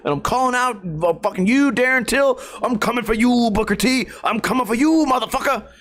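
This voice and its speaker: A man's voice: very high voice, a little fast, a bit bright, voice pushed up. A man mimicking a brash male fighter who rants in a rowdy, profane, swaggering way. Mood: boastful. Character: brash male fighter ranting after a win.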